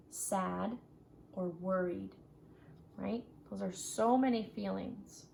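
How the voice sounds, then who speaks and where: A woman teaching a children's social skills group online, talking in a gentle, encouraging way and often checking in with "right?". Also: mid-range voice, gravelly, slight background noise. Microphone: home computer mic for a virtual class.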